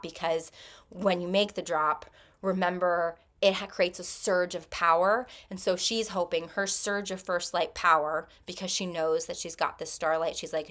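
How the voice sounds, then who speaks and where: A woman recapping a book's plot for her channel in a loose, chatty way. She rambles from one point to the next and leans heavily on "like". Her voice sits a little low for a woman. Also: fairly even intonation, moderate pace, a bit bright. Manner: chatty, rambling retelling full of "like". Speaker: book review channel host. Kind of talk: casual plot summary.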